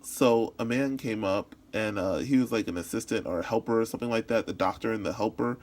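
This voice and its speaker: A man voicing a signed personal story in the first person as interpreting practice, halting, with frequent restarts and repeated words. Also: on the low side, darkish tone.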